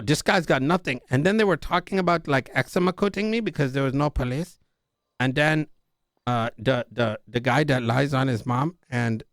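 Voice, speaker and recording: A young man playing a roleplay character tells a long, rambling story, saying "like" and "dude" over and over as he acts out the other people in it. His voice sits a bit high for a man. The sound is close and dry, with no room around it. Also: a bit bright, no room sound.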